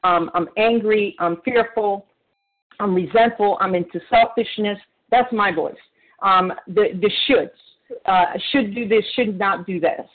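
A man sharing earnestly at a recovery meeting by phone, halting often with restarts and fillers. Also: high voice. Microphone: phone call. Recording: phone-line audio.

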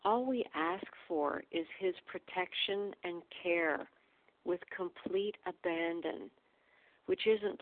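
A woman's voice: fairly low pitch, steady tone, slow, dry recording. A woman from Canada sharing in a recovery meeting, earnest and reflective. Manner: earnest, reflective, quotes her own old prayers. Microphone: phone call. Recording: tinny phone line.

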